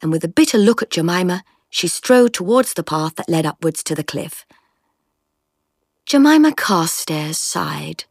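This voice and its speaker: Expressive woman storyteller with a lively, varied delivery. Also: on the low side, unhurried, creaky, slightly rough, dry recording, soft background music. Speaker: audiobook reader. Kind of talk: scripted story narration.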